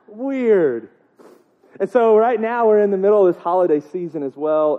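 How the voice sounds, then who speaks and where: A man preaching in a casual, joking way, often asking the congregation rhetorical questions. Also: high voice. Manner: joking, chatty, asks the crowd rhetorical questions. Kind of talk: casual sermon. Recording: tinny phone-like sound.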